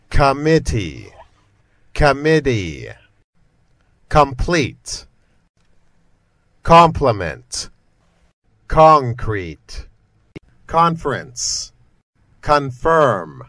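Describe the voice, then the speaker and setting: A man slowly reading a list of single vocabulary words aloud for learners, one word at a time with long pauses. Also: medium pitch, fairly bright tone, no room sound. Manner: reads single words with long pauses, each carefully pronounced. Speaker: vocabulary reader.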